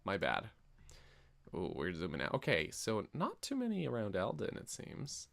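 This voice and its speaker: A man's voice: fairly low pitch, huge pitch swings, moderate pace, vocal fry, fairly bright tone. A man casually chatting while playing a video game on stream, joking about how words are said and laughing at himself often. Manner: playful, self-mocking, laughs often. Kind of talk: casual gameplay commentary.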